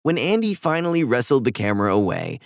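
A man narrating a children's story in a middle-pitched, gravelly voice that moves freely up and down. The sound is dry and close, with no room around it. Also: sing-song, fast talker, dry recording.

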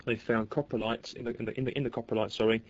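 A man who is a podcast guest, talking in a halting way with frequent restarts. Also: mid-range voice, flat delivery, dull audio. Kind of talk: casual podcast chat.

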